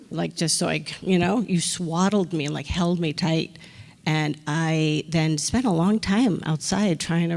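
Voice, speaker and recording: A woman's voice: low voice, vocal fry. A woman on a film panel who tells a story vividly, acting out the voices she quotes. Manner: animated, acts out quoted voices. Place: large hall on stage. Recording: hall reverb on stage.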